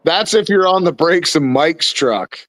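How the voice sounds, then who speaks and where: A man's voice: fairly high pitch, expressive, a little slow, a bit bright, no echo. A man in a casual chat with friends, trading profane, teasing banter. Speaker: podcast co-host.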